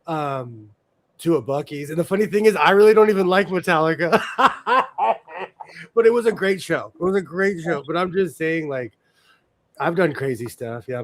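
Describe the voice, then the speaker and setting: A male host in casual chat, talking in an animated way and laughing often. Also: a little high.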